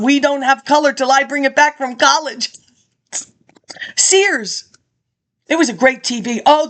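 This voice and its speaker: A woman with a high voice reads an old campaign speech aloud. She keeps wandering off into casual, rambling asides, laughing and clearing her throat as she goes. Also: fairly bright tone. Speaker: reader of archive documents. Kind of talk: reading a speech aloud with offhand commentary.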